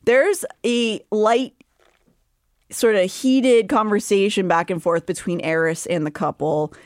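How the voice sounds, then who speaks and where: A woman co-hosting a podcast, recapping a novel's plot in a casual chatty way and now and then dropping into quick silly character voices. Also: mid-range voice, no room sound, clean studio sound. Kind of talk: casual book recap chat.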